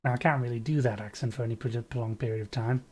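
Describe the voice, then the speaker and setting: A man narrating as game master for a tabletop game, relaxed with hesitant fillers. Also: mid-range voice, fast, slightly rough.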